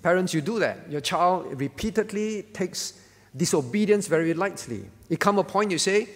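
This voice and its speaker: A man's voice: high-pitched, expressive, moderate pace. A man preaching at a prayer meeting as the pastor, earnest, repeating his phrases and quoting scripture. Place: church hall. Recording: church hall with long reverb.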